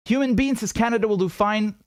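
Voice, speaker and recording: Male live-stream host, higher voice, profane and blunt, reading chat on a dry close mic. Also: fast, no room sound. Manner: blunt, profane, animated, with many repeated words. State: has a headache. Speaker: political commentator hosting a live stream.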